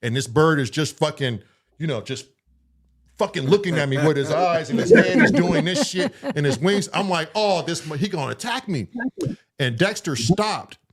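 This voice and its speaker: With a voice on the high side at a moderate pace, a podcast co-host relates a long story in easygoing chat. He swears a lot and acts out his own reactions, performing quotes in an animated, profane telling.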